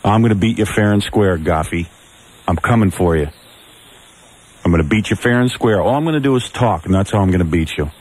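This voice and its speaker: A man's voice: lowish voice, expressive, a little fast, breathy edge. A man in his thirties hosting morning radio, ranting and taunting a rival with brash, mocking insults. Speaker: radio host.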